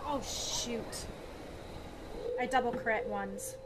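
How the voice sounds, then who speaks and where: A woman with a high voice chats as a player in a tabletop role-play game. Her reactions come quickly and with feeling. Clear hiss runs under her voice from a noisy home mic. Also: fairly even intonation.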